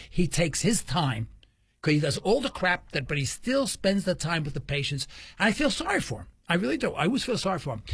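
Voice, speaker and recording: A man hosts a talk radio show, casually telling stories and acting out the voices of the people in them with animated, quoted dialogue. His voice is high and slightly rough, with no echo.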